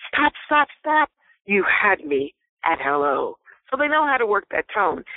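A woman's voice: on the low side, no room sound. Emphatic woman on a tinny phone line. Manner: animated, emphatic, teacherly speaking. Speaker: guest speaker on body language. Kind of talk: interview on a phone call.

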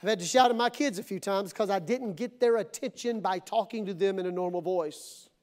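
A middle-aged man preaching a sermon to his congregation in church, dramatic, acting out voices and swinging between loud and hushed. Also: high-pitched, a little fast. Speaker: pastor.

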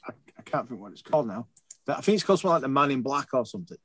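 A man's voice: medium pitch, very animated, racing, fairly bright tone, breathy edge, dry recording. A man chatting casually on a podcast, rambling and enthusiastic, swearing freely. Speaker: podcast co-host.

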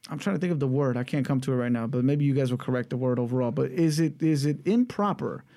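A man's voice: mid-range voice, quick pace, mellow. A man in a casual debate who talks over others, restarts sentences and keeps repeating his point while defending his faith. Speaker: believer defending the Bible.

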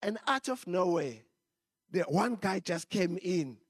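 A man's voice: high voice, lively intonation, takes it slowly, dry recording, clean studio sound. A man preaching a sermon, telling a personal story and chuckling often.

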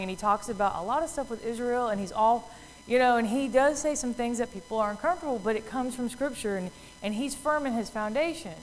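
A woman's voice: a little high, expressive, brisk, big-room sound, slight background noise, poor audio. Chatty woman telling a Bible story. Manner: chatty storytelling with many fillers, acting out voices. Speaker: Bible teacher. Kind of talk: casual Bible talk.

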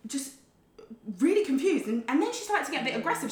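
A woman's voice: high voice, fairly quick. A young woman, a podcast guest, telling stories in casual chat and acting out dialogue with frequent laughter. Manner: animated, laughs often, acts out dialogue. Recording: roomy echo.

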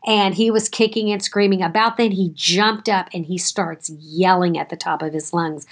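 A woman school administrator tells a classroom story in an interview, her voice at an ordinary middle pitch. She speaks in an animated way and runs the story along with plenty of detail. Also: moderate pace, hardly any pauses.

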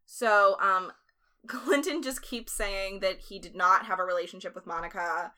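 A woman's voice: medium pitch, fairly even intonation, normal speed, sharp tone. A woman hosting a podcast, recounting events in a chatty, blunt way with lots of fillers and some swearing. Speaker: podcast host. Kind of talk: casual storytelling chat.

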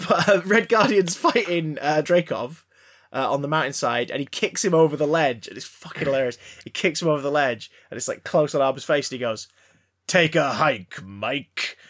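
A man's voice: on the high side, a little fast. Rambling man on a podcast. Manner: rambling, stammering restarts, deadpan jokes. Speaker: podcast co-host. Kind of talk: casual banter about films.

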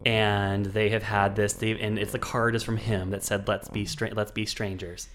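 A podcast co-host with a fairly low, slightly bright voice delivers a flat, normal-speed retelling of a movie plot. He rambles casually with many fillers and asides, and there's a little hiss or hum on the track.

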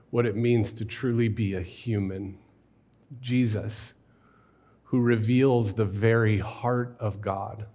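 Pastor guy giving a sermon, chatty and questioning, goes quiet on the big words. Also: fairly low pitch. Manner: conversational, questioning, drops to a hush on key words.

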